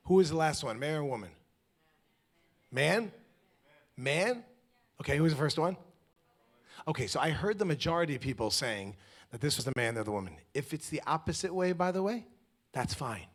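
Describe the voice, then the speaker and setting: A man teaching a live audience at an event, animated and quizzing the room with questions. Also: fairly high pitch, moderate pace, pauses often. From lives in Israel. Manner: animated, asks the audience questions, acts out little scenes. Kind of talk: lively talk to a live audience.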